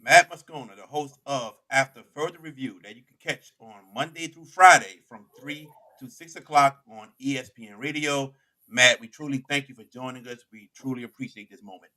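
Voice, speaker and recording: A man's voice: mid-range voice, moderate pace, bright, forceful tone, distant mic. A man hosting a sports podcast, speaking in a hyped, teasing way as he sends off a guest and jokes with his co-hosts. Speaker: podcast host. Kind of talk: casual podcast chat.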